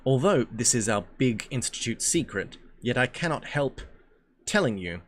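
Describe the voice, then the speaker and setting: A man's voice: medium pitch, big pitch swings, normal speed, a little hiss or hum, natural voice. A man reading the lines of a young schoolgirl confiding a secret, in his own plain voice with small stumbles.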